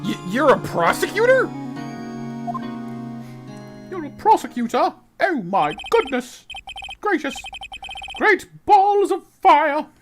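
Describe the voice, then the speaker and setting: A man's voice: extremely high pitch, brisk, pitched above the performer's own voice. Give me a man doing an earnest young defense attorney who stammers when startled, with music behind. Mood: astonished.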